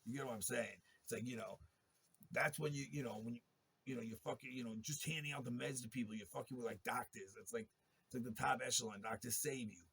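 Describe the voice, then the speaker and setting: A man's voice: mid-range voice, fast talker, vocal fry, a bit bright, a little hiss or hum. A man in a long, rambling monologue, talking in a profane and agitated way. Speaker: interviewee telling his story.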